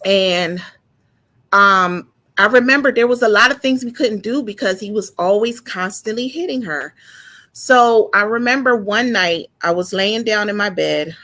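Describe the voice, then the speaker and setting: A woman in her forties telling a painful personal story, halting and emotional, with frequent restarts and repeated words. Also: medium pitch, bright, forceful tone. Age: 40s. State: emotional, close to tears. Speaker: guest sharing her story.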